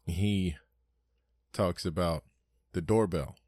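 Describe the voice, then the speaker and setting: A man's voice: low-pitched, slow, darkish tone, no room sound. A young man co-hosting a podcast, chatting casually, swearing freely and telling stories with acted-out quotes. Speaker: podcast co-host. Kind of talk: casual chat.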